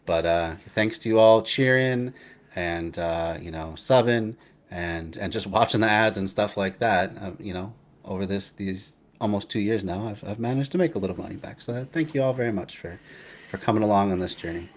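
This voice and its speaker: A young man hosting a live stream, chatting casually in a rambling, halting way, with many restarts and fillers. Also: lowish voice, a little hiss or hum. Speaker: livestream host.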